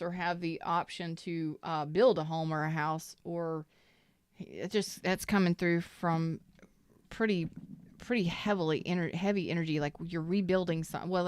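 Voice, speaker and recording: A woman's voice: fairly low pitch, steady tone, moderate pace, clean tone, no echo. A woman, hosting a casual, salty tarot reading and talking straight to her viewers. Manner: chatty, salty, talks to viewers as y'all. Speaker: tarot reader, channel host.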